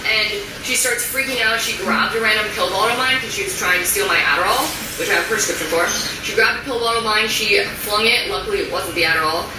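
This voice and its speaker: Young adult woman from the US, upset rapid recounting; distant, roomy, noisy self-recording. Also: mid-range voice. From United States. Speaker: vlogger. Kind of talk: shaken personal recounting. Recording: distant echoey recording with noise.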